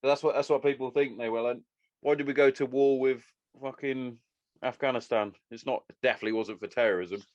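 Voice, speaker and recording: A man's voice: mid-range voice, brisk, no room sound, highs cut off. A man hosting a podcast, swearing freely as he tells stories in casual chat. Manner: sweary, animated storytelling. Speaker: podcast host.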